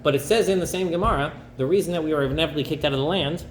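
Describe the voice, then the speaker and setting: Rabbi lecturer, fairly high-voiced man, lively storyteller, roomy classroom sound with faint noise. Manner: animated, acts out characters in quick bursts. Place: campus center classroom.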